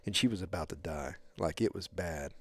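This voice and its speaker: Low-voiced man telling a rambling story. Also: moderate pace, no echo. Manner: rambling, animated storyteller with frequent fillers and laughs. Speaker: podcast host. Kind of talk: casual storytelling chat.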